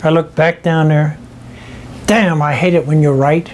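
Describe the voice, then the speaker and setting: Slow heartfelt older man telling a story. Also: a little high, fairly even intonation, darkish tone, a little hiss or hum. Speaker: spiritual speaker. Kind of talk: personal storytelling to an audience.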